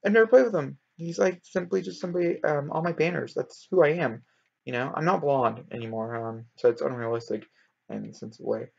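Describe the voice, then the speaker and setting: A man chatting casually over his game, excitable and rambling, his voice leaping up high when something thrills him. His voice has a gravelly, husky edge. It comes through a dull, lo-fi home mic. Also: brisk. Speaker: gaming video creator.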